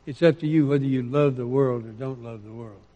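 A man preaching a sermon, quoting scripture with rising emphasis and dropping into quiet asides. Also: mid-range voice, a little fast, big-room sound, highs cut off.

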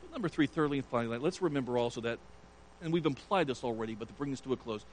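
Man, pastor, sermon, earnest, emphatic rises, middle pitch, faint hum. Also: rapid-fire, poor audio.

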